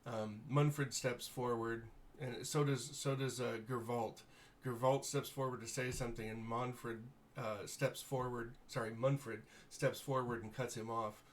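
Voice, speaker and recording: A man narrating as game master in a tabletop game, in halting, unscripted narration that corrects itself as he goes. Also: medium pitch, steady tone.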